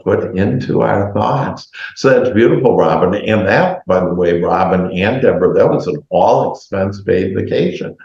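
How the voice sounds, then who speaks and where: Deep-voiced encouraging man on a call. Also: a little mellow, reverberant, muffled recording. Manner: upbeat, encouraging, praising members. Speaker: host leading a group call. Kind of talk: casual group video call.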